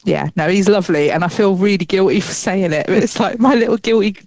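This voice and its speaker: A woman's voice: medium pitch, fast talker, no room sound. A woman co-hosting a podcast, telling stories in casual chat with lots of giggling. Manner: giggly, animated storytelling. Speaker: podcast co-host.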